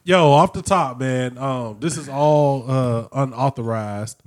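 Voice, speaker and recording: A man co-hosts a relaxed talk podcast, joking with his friends and talking up the show. His voice sits in a middle pitch and sounds everyday and easygoing. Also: slow. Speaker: podcast co-host. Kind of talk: casual chat.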